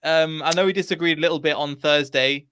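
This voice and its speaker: A man's voice: a little high, steady tone, fast talker, pushed and bright, clean tone. A man hosting a fan livestream after a match, talking in a frustrated, rambling way. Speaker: fan channel host.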